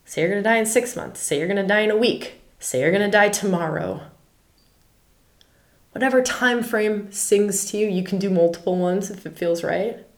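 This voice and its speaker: A woman's voice: mid-range voice, normal speed, echoey room. A woman hosting a spiritual podcast, talking candidly and casually, swearing freely, laughing often and asking many rhetorical questions. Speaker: podcast host and spiritual guide.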